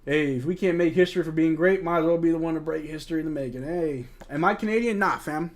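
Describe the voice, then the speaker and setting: A young man from the States hosts a live watch-along. His voice sits a little higher than most men's. He talks in loose, slangy banter, calling plays, answering chat and groaning as a fed-up fan. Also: fast talker. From United States. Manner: casual slangy banter, frustrated fan reactions.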